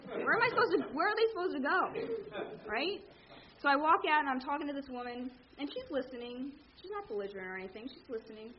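A woman telling her recovery story to a meeting, candid and animated, acting out the people in it. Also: high voice, fast, dull audio. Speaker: speaker sharing at a recovery meeting. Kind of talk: personal story told to a meeting.

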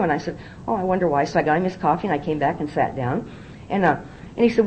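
An older woman tells her story to a meeting, her voice leaping up and down as she acts out each exchange. She talks quickly and confidingly, with a lowish tone. A faint rumble sits behind her. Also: sing-song, darkish tone, lo-fi sound. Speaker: AA speaker. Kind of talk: recovery meeting talk, storytelling.

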